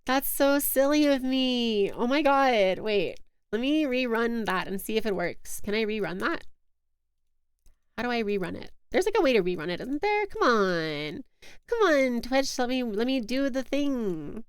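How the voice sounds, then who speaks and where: A woman's voice: fairly high pitch, animated, measured pace, smooth, no room sound. A young woman streaming a game, chatting casually in a giggly, self-mocking way into a close mic. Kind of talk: casual live-stream chat.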